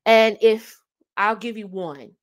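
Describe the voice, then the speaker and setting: Speaking slowly in a medium-pitched voice, a woman hosts a casual talk offering dating advice. She is emphatic, tends to repeat her key phrases, and adds rhetorical asides.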